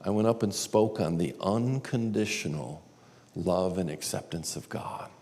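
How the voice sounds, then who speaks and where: A man's voice: deep voice, darkish tone. A man giving a candid, self-deprecating storytelling talk at a live seminar. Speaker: seminar speaker. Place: large church auditorium. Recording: live hall recording with long reverb.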